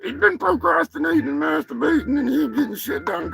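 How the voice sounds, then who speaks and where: A man hosting a live show, rambling and joking crudely in casual chat, sounding high. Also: fairly quick, creaky, rough recording. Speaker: host.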